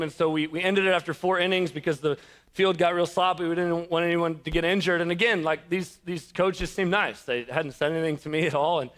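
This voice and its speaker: A young pastor with a high-pitched voice gives a conversational sermon. He tells stories with animated, self-deprecating humor, laughing as he goes.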